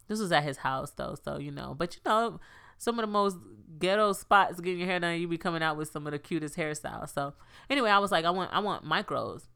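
With a low-pitched, clean-toned voice, a woman talks a little fast as co-host of a casual podcast. She's an animated storyteller who acts out quotes.

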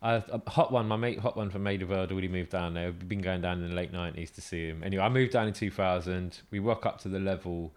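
A very low-pitched man trades stories in loose, friendly chat. He keeps it slangy and easygoing, his voice sitting deep at the bottom of the range. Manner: chummy, quick affirmations, slangy. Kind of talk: casual chat.

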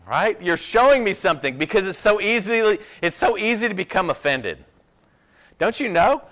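A man's voice: high voice, animated, moderate pace, a bit bright. A man preaching a sermon in a casual, conversational way, with self-deprecating asides and a habit of checking in with "okay?". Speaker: pastor.

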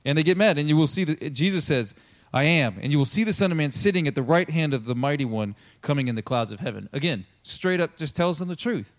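A man's voice: on the high side, lively intonation, fast. A man preaching a sermon in a casual, chatty way, often acting out the people he quotes. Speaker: pastor. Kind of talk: conversational sermon.

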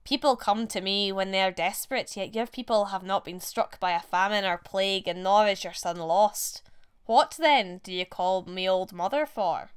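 A woman voicing a cunning old forest witch who bargains in a slow, drawn-out way. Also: mid-range voice, clean tone, close to an everyday voice.

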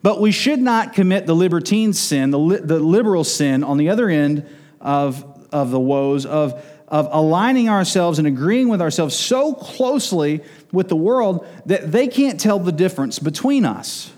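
A man preaching an expository sermon, emphatic and repeating words for emphasis, slowing down on key phrases. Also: fairly high pitch, expressive, a little mellow. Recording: long reverb in a large hall.

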